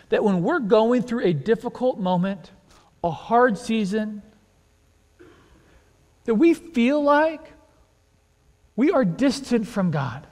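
A male pastor preaching a sermon in a church, conversational and animated, full of rhetorical questions and repeated words. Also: sits high. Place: church sanctuary. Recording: long reverb of a large hall.

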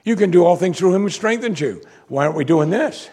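A man preaching a sermon, moving between quiet, reflective asides and loud, emphatic declarations. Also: sits high, animated, a little fast, slightly rough. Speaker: pastor.

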